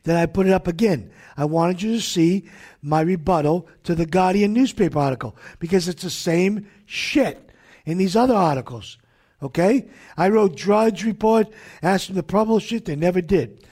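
A man with a high, husky voice rants through a religious talk broadcast. He sounds combative and fiery, like a preacher scolding his enemies, and throws in sudden shouted jabs. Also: moderate pace. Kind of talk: ranting preacher-style talk.

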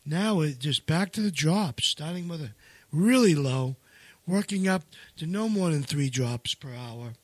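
A man with a fairly high voice talks in a loose, rambling flow, stacking restarts and fillers, then leans hard into the points he cares about. The recording is dry and close, with no room sound around him. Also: animated, measured pace, dry recording. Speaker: seminar leader and co-author. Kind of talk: casual promotional chat.

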